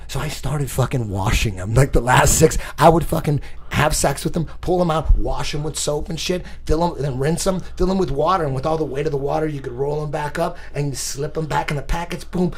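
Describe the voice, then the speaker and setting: A man with a gravelly, husky voice that sits a little high tells crude stories in casual chat. He talks profanely and with energy, and throws in sound effects. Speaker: podcast guest.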